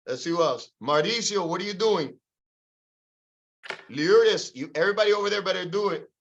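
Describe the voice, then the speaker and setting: Man, sales meeting coach, high-ish voice, energetic, calls people out by name, dull lo-fi call audio. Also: normal speed. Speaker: real estate broker leading a sales meeting.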